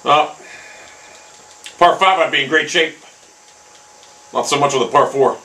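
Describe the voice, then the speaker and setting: Male gamer, hot-tempered, bright edgy tone, swears and shouts at the game nonstop. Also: a little high, unhurried, rough recording. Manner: furious, swearing constantly, yelling at the game. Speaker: gaming commentator. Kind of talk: raging gameplay commentary.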